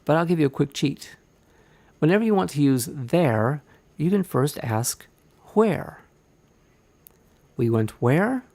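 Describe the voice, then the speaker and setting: Gravelly man narrating a writing lesson. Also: mid-range voice, a little mellow, no room sound. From Indiana. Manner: clear, deliberate, explains with examples. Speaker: writing instructor.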